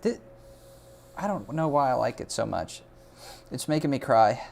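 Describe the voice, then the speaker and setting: A man hosting a casual livestreamed portfolio review, excitable and jokey, gushing over the artwork. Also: mid-range voice, normal speed, vocal fry, slight background noise. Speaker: host of a portfolio review stream.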